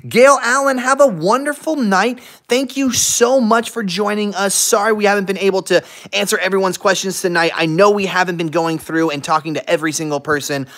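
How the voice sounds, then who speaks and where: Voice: medium pitch, steady tone, brisk, hardly any pauses, fairly bright tone. A live stream host at home chatting casually with viewers and talking to the dogs in playful baby talk. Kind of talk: casual livestream chat.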